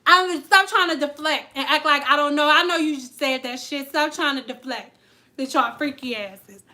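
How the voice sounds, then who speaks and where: A young adult woman with a high-pitched, sharp voice talks to camera at a moderate pace as a hair care vlogger. She's casual, frank, and profane, acting out the people she describes.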